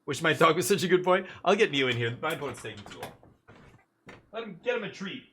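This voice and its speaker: A man's voice: a little high, sing-song, a little fast, a bit bright, slight background noise. A man chatting casually as he streams a card game, rambling with jokey asides. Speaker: live streamer. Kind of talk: casual gameplay commentary.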